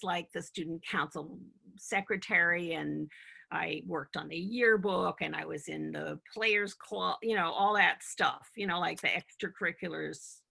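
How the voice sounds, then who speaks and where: A woman's voice: on the low side, vocal fry, bright, forceful tone. An older woman, a TV comedy writer, speaking wryly in conversation and explaining the craft like a teacher. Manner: wry, laughs at her own stories, teacherly on craft. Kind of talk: conversational interview.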